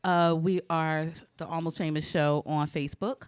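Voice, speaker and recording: A woman's voice: low-pitched, fairly even intonation, moderate pace, clean tone, dry recording. A young woman with a Philadelphia accent hosting a podcast, chatty and upbeat, often laughing as she talks. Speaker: podcast host. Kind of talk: casual podcast chat and show intro.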